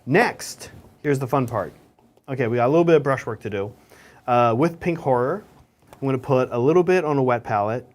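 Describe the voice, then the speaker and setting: A man's voice: mid-range voice, animated, fairly quick. A man co-hosting a hobby show, chatting casually and explaining each step as he paints miniatures. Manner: chatty, explains steps as he works.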